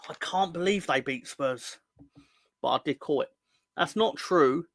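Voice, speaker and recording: A man's voice: on the high side, expressive, measured pace, fairly bright tone, no echo. Joking man hosting a fan livestream. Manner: joking, rambling, teasing the chat. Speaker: football fan show host. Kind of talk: casual livestream chat reading viewer comments.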